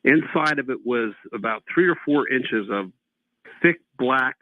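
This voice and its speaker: A man's voice: medium pitch, lively intonation, unhurried, no echo. A man telling a long personal story to a host, acting out the dialogue he recalls. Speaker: guest telling an abduction story. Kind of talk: phone-in conversation. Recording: tinny phone line.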